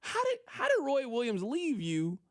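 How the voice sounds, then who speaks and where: A man hosting a sports radio show, talking in an animated, mock-exasperated way and often repeating himself. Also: very high-pitched, moderate pace, dry recording, studio quality.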